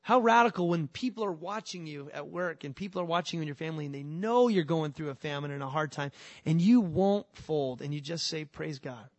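A man preaching a sermon in a relaxed, everyday manner, pushing some lines out loud and dropping others to a quiet, earnest tone. His voice sits a little high for a man. The sound is close and dry, with no room around it. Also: a little fast, no room sound. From California. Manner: animated, colloquial preaching that swings between loud emphasis and quiet, earnest lines. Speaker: pastor.

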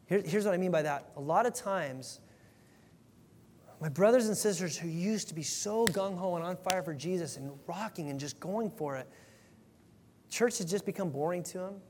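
High-voiced male pastor preaching in a reverberant hall. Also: normal speed, a little mellow, a little hiss or hum. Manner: earnest, conversational preaching with repeated restarts. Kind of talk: sermon. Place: church sanctuary.

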